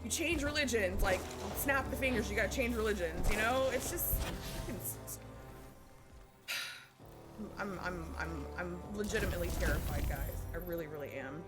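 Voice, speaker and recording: A woman's voice: medium pitch, normal speed. A woman streaming live, chatting casually with her viewers while she plays, candid and swearing often, repeating herself. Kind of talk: casual chat while gaming. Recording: loud game music under voice. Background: loud game music.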